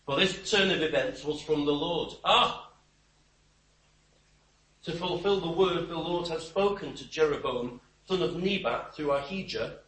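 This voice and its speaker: A male preacher delivering a sermon in a fairly high, bright and forceful voice. He makes wry, scornful asides with clear emphasis. The voice is picked up from a distance in an echoing room. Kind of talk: expository sermon. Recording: roomy, distant church mic.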